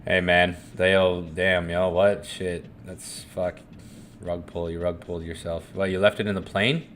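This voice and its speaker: A man hosting a live trading stream, chatting loosely and swearing, swinging from hyped call-outs to low muttering. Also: flat delivery, a little slow, a bit bright, slight background noise. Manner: loose and profane, swings between hype and muttering. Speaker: forex trading livestream host. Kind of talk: casual live-stream chat.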